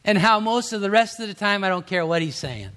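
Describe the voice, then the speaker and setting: A middle-aged man preaches as a pastor in a high, animated voice that runs a little fast. He talks conversationally, voicing quotes with sharp rises and soft, hushed falls.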